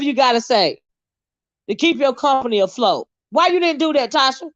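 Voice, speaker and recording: A woman's voice: high voice, animated, normal speed, no room sound, highs cut off. A woman hosting a casual live-stream commentary, sassy, blunt and profane as she talks to her viewers. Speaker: host.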